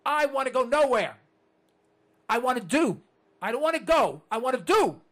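A man's voice: very high-pitched, sing-song, moderate pace, fairly bright tone. An older man hosting a talk radio show, ranting and repeating himself as he hollers at listeners.

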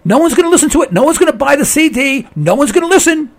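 A man hosting a call-in talk radio show, hoarse with laryngitis, ranting with exasperation and repeating himself. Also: very high voice, lively intonation, fast.

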